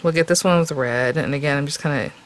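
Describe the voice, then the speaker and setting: A woman's voice: low-pitched, quick pace, rough recording. Chatty woman thinking aloud while crafting. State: voice getting tired. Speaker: card-making crafter. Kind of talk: casual crafting tutorial.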